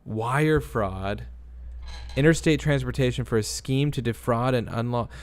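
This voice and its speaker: A man's voice: medium pitch, measured pace. A man casually commenting on a news story during a live stream, reacting to viewer comments as he goes.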